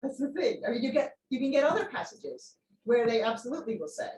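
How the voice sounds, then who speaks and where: A woman's voice: high voice, lively intonation, quick pace, a little mellow. A woman giving an academic seminar lecture, explaining as she goes with frequent ums and answering questions from the room. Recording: echoey room, voice a bit distant.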